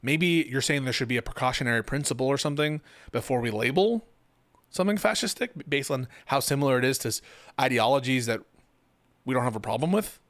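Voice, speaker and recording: Guy hosting a political stream, joking and swearing, mid pitch, dry close sound, bit of music behind. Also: expressive, quick pace, fairly bright tone, dry recording. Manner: loose, profane, joking. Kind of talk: casual live-stream chat and debate commentary.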